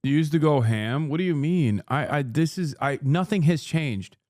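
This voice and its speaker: A man's voice: on the high side, lively intonation, moderate pace, a little mellow, dry recording, studio quality. A man hosting a live stream, reacting to clips with exasperated, profane ranting. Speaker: streamer host.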